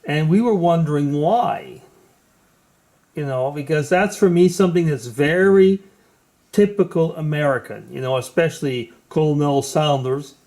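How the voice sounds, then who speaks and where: A man's voice: fairly high pitch, moderate pace, darkish tone. A man hosting a casual video chat, talking hesitantly with many fillers. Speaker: host.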